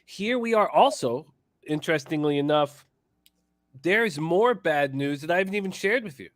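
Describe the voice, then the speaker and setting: A man's voice: on the high side, expressive, moderate pace, no room sound. A man guesting as co-host on a sports betting show, boasting about his winning streak and teasing the host with plenty of swearing. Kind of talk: casual sports betting chat.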